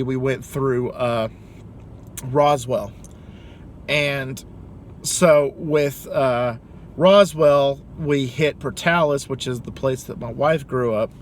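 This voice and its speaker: Young man rambling over car noise. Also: fairly high pitch. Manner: rambling and playful, many restarts. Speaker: vlogger. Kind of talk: casual storytelling.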